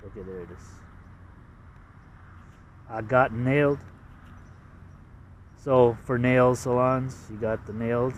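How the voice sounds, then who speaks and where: A man's voice: mid-range voice, takes it slowly, long pauses, recorded from a distance, a little hiss or hum. A man from Canada casually walking through his drawings, hesitant and self-deprecating, with lots of fillers. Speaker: artist showing his drawings. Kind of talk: casual rambling walkthrough.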